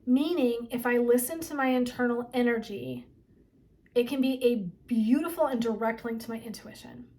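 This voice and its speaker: Chatty woman wellness coach, higher voice. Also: animated, moderate pace, warm tone. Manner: chatty and emphatic, frequent 'like' and 'right?'. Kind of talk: motivational talk to viewers.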